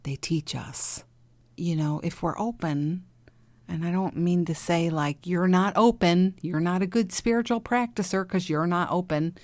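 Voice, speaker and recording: A middle-aged woman speaks slowly and gently in a low voice, coaching listeners through healing. She sounds soothing and encouraging and now and then drops to a soft whisper. The recording is dry and close. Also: no room sound. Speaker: podcast host, healing coach. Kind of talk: reflective spiritual talk.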